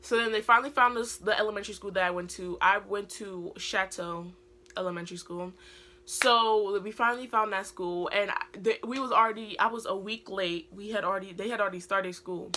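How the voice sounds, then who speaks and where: British teenage girl, rambling storytime vlogger, crisp bright tone, lots of fillers. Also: medium pitch, brisk. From Britain. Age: teens. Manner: rambling, heavy use of filler words. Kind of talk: casual storytime vlog.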